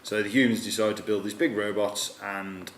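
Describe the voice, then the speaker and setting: At normal speed and with fairly even intonation, a man with a voice on the low side chats casually as a film reviewer. He's animated, swears casually, and slips into silly voices, heard in an echoey room with faint noise.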